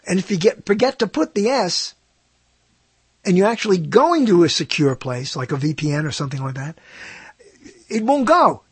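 A man's voice: sits high, sing-song, moderate pace, pauses often, husky, no room sound. A man hosting a radio show alone, talking in a rambling, digressive, self-mocking way. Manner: digressive, self-mocking, puts on silly voices. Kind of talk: rambling solo radio talk.

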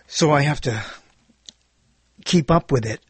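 A man giving a rambling spoken monologue, animated and digressive, often correcting himself mid-sentence. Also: medium pitch, unhurried, husky, no echo. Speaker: monologue speaker.

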